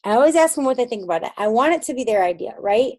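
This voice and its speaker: A woman's voice: a little high, animated, fast talker, warm tone, no echo. Chatty woman coaching her sales team. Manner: chatty coaching that acts out phone conversations; checks in with listeners often. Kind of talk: casual instructional talk.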